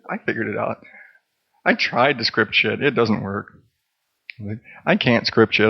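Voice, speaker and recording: A man's voice: mid-range voice, animated, normal speed, vocal fry, fairly bright tone, faint music behind, low-quality recording. A man hosting his own podcast, talking casually in a rambling, profane, self-deprecating way. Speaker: podcast host. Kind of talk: casual solo monologue.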